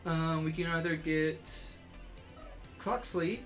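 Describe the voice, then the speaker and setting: A game streamer giving casual let's-play commentary, chatty and excitable, thinking aloud while playing. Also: mid-range voice, unhurried, long pauses. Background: faint game music.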